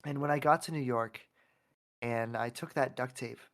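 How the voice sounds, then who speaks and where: A man's voice: medium pitch, steady tone, normal speed. A man from Oklahoma, a self-love coach and podcast guest, telling a heartfelt personal story in a rambling way with many restarts.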